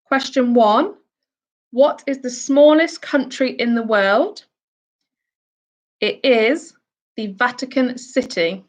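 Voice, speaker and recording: A woman's voice: high voice, takes it slowly, pauses often, a little mellow. A woman from the UK hosting a casual quiz, reading out each question and answer with chatty asides. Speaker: quiz host.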